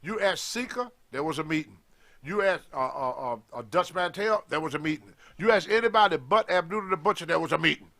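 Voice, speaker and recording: A man telling a story in casual talk, animated and acting out the voices of the people in it, with loose grammar. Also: fairly high pitch, brisk, vocal fry. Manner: animated, acts out others' voices in his stories, loose grammar. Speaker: guest storyteller, former wrestler.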